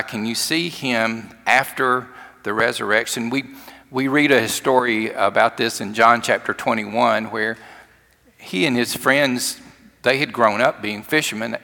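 Gravelly preacher in a reverberant church. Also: male voice, mid-range voice, a little slow. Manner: folksy storytelling, shifts from loud to hushed. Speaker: pastor. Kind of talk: sermon.

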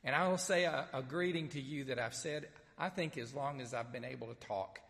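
A man with a Southern accent, a pastor from Mississippi, preaching an Easter sermon in a folksy storytelling way with gentle humor. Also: medium pitch, a little fast, gravelly, big-room sound. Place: sanctuary with only a few people present.

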